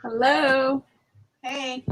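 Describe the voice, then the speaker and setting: A woman with a fairly high voice co-hosts a casual livestream. She is plain and matter-of-fact, and she reads steadily without fuss. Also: little pitch movement, very slow, slight background noise, poor audio.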